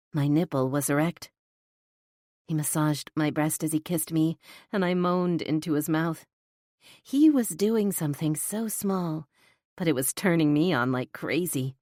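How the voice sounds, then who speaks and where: A woman with a low voice narrates a romance audiobook in the first person. Her delivery is intimate and breathy, as if she is confiding in the listener. The sound is dry and close, with no room sound. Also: a little mellow, dry recording.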